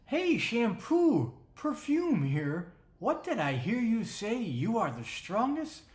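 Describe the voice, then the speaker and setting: A man's voice: very high voice, huge pitch swings, slow pace, voice pushed up, exaggerated voice. A man voicing a bragging perfume bottle that taunts its rivals. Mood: boastful. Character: boastful talking perfume bottle, competitive. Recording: roomy echo.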